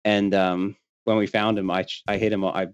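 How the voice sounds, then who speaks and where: A man's voice: fairly low pitch, level tone, moderate pace, smooth, no room sound, highs cut off. A man telling a long hunting story in a casual way, laughing often and acting out what his friends said.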